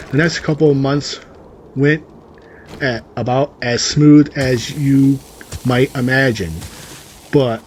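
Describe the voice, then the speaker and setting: A man's voice: medium pitch, slight background noise. Sarcastic man reading a story. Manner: sarcastic, rambling asides with fillers. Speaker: story reader and commentator. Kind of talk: reading a story with comic commentary over gameplay.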